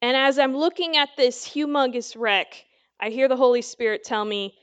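A woman's voice: sits high, fairly even intonation, normal speed, clear, resonant tone. A woman teaching the Bible in a casual, conversational sermon, telling a story with lots of fillers. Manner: chatty storytelling with many fillers.

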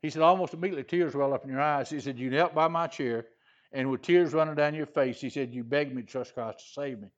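Older man, Louisiana-raised preacher, sermon, folksy rambling storyteller, mid pitch, muffled recording. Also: fast. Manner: folksy, repetitive "he said" storytelling with frequent "uh" fillers. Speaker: pastor.

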